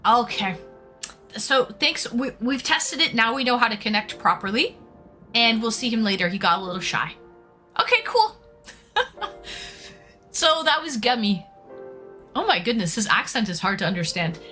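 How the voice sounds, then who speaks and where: With faint music playing behind her, a Liverpool woman hosts a laid-back livestream, chatting and greeting viewers by name. Her slightly high voice has a sing-song lilt and a sharp tone, and she talks at a normal speed.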